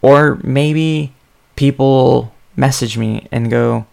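A man's voice: mid-range voice, takes it slowly, creaky, a little mellow. A man hosting a casual solo podcast, thinking aloud with lots of ums, sleepy and yawning. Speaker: podcast host.

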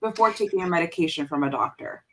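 A woman speaks as a guest in a relaxed podcast conversation. Her voice sits a little low, and she tells her story earnestly, often restarting sentences and repeating words as she goes. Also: quick pace, a little hiss or hum, rough recording. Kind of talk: casual interview conversation.

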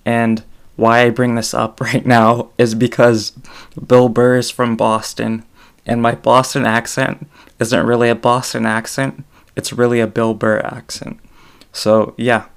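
A man's voice: medium pitch, little pitch movement, a little slow, vocal fry, clear, resonant tone. A man hosting his own podcast alone, talking in a casual, meandering way and correcting himself as he goes. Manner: meandering, self-correcting delivery. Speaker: solo podcaster.

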